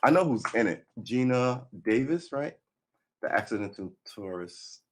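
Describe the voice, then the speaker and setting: A man chatting on a live stream, rambling and thinking aloud, gruff and blunt, swearing freely as he talks to himself. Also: medium pitch, expressive, a little slow. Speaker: livestreamer practicing guitar.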